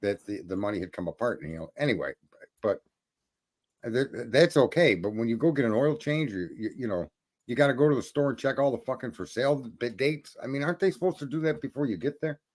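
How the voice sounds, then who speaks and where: A man's voice: mid-range voice, lively intonation, quick pace. A man hosting a live stream, chatting and telling stories in a blunt, profane, rambling way. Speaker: stream host. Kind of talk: casual chat.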